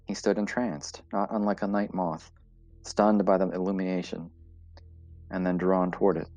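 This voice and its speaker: Very deep-voiced male story narrator. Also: level tone, darkish tone, dry recording, lo-fi sound. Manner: measured, deliberate storytelling. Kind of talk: dramatic story reading. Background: faint music.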